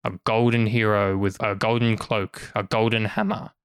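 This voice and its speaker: A man's voice: on the low side, little pitch movement, normal speed, clean tone, no room sound. Man narrating as game master, dry sound.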